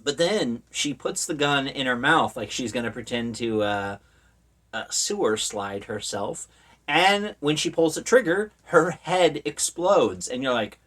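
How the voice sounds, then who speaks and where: A man's voice: mid-range voice, lively intonation, unhurried, a bit bright. A man talks through a film in a casual, off-the-cuff review, retelling the plot in loose, meandering sentences full of fillers. He keeps slipping in wry, sarcastic asides about how little sense it all makes. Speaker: horror movie reviewer. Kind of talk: casual spoken movie review.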